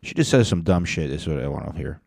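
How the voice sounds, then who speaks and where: A man's voice: very deep voice, very animated, quick pace, gravelly, a little mellow, a little hiss or hum. A man hosting a reaction video, giving casual, blunt and profane commentary with sarcastic asides.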